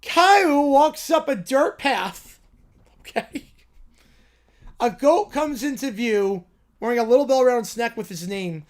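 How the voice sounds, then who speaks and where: A high-pitched man hosting a loose, chatty livestream. He reads viewer prompts aloud and breaks in with amused, sarcastic asides. His delivery is casual and quick-witted. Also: lively intonation. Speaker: livestream host. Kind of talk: casual livestream reaction chat.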